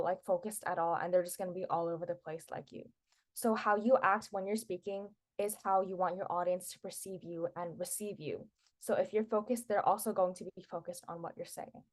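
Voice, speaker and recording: A woman's voice: lowish voice, darkish tone. A teenage girl presenting public speaking tips to a class in a casual, chatty way, with lots of filler words. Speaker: student presenter.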